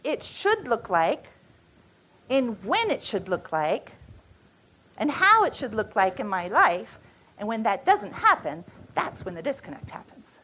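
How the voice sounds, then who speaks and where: A woman in her forties teaching at a church retreat, speaking earnestly with halting restarts and an emotional storytelling manner. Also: on the high side, sing-song, pushed and bright, husky, poor audio.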